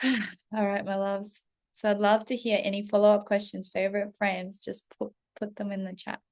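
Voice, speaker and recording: Woman coach in her thirties, middle pitch with gravelly fry, blunt and chatty. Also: moderate pace. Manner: candid, heavy swearing, animated self-talk. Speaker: self-development coach. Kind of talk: casual spoken storytelling to followers.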